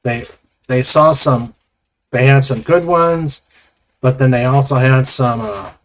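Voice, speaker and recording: Slow, hesitant man hosting a chat stream. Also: medium pitch, slight background noise. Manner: rambling, hesitant, reads viewer comments aloud. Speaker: host. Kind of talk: casual livestream chat.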